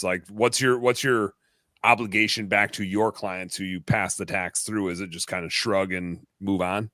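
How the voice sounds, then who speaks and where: A man's voice: deep voice, steady tone, moderate pace, sharp tone, no echo. A man hosting a podcast, asking rambling questions and joking with the guest. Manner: jokey, laughs, rambling questions. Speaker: podcast host. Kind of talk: podcast conversation.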